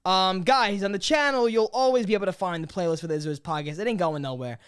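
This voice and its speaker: A man's voice: high-pitched, fast, smooth. Rambling, profane male podcast host. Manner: rambling, swears a lot, animated. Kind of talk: casual podcast chat.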